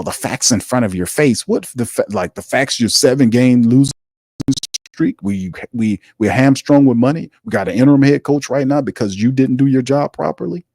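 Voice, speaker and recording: A man's voice: medium pitch, a little mellow, dry recording, studio quality. A man hosting a sports talk show, ranting in exasperation and repeating himself as he vents frustration. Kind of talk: sports commentary rant.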